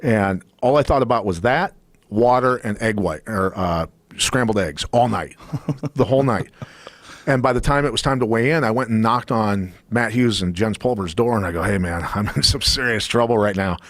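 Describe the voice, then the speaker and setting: A middle-aged former fighter, appearing as a podcast guest, tells a story in casual conversation, animatedly acting out what people said. His voice is on the low side at a moderate pace, with no echo.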